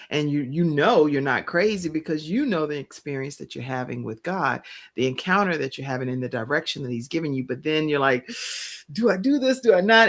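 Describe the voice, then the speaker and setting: Low-voiced woman hosting a talk show. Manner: encouraging, many affirming hums. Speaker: show host. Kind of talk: live talk show interview.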